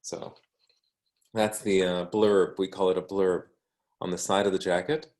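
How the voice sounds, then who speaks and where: A man from Canada with a Canadian English accent, reading a book aloud slowly for English learners, with ums and self-corrections. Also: low-pitched, little pitch movement, a little mellow. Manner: slow, unhurried, with frequent ums and self-corrections. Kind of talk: casual read-aloud lesson for English learners.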